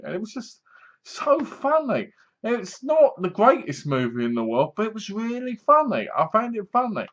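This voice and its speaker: A man's voice: high-pitched, huge pitch swings, moderate pace, a bit bright. A man casually reviewing a film to his webcam, retelling the plot in a rambling way and laughing at the jokes. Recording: dull lo-fi webcam audio.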